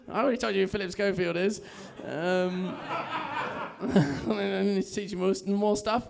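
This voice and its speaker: Chatty English man with a high voice. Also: fairly even intonation, normal speed, vocal fry. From England. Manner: chatty, self-mocking, laughing at his own jokes. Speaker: stand-up comedian. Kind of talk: stand-up set. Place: comedy club with a live audience.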